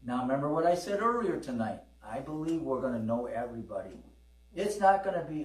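A man's voice: mid-range voice, big pitch swings, fairly quick. Man preaching in an echoey church. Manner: conversational, calls for amens, acts out dialogue. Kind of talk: sermon with storytelling. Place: church service. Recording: roomy, distant from the mic.

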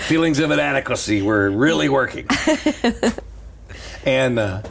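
A man, a pastor, telling stories on a talk show, animated and laughing at his own anecdotes. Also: mid-range voice, unhurried, vocal fry, pauses often, a little hiss or hum. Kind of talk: storytelling on a Christian talk show.

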